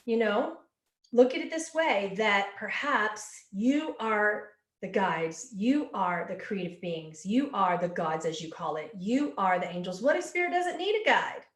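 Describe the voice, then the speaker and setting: A woman working as a psychic medium, relaying channeled answers in a flowing, earnest way and repeating words for emphasis. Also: on the high side. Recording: echoey room.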